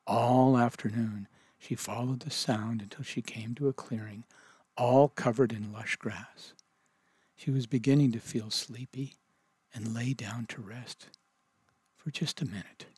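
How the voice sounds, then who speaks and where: A man reading a children's story aloud as narrator, in gentle, measured storytelling. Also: medium pitch, steady tone, slightly rough, no echo.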